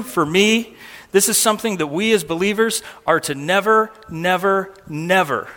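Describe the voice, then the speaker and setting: Pastor, male, high voice, emphatic sermon delivery, long hall reverb. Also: fairly bright tone. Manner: emphatic, repeats words for stress.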